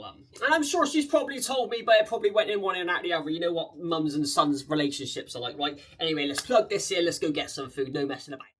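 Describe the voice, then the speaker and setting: A man's voice: on the high side, fairly bright tone, slightly rough. Chatty Bristolian man vlogging at home. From England. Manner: chatty, swears, calls viewers mate. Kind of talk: casual vlog chat while cooking. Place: home kitchen in a flat. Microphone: small wireless clip mic.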